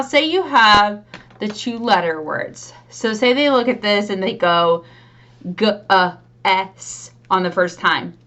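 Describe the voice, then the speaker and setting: Woman reading tutor, patient and encouraging, mid-pitched voice, slightly muffled lo-fi recording. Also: fairly bright tone. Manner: patient, modeling sounds slowly and encouragingly. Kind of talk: instructional demonstration.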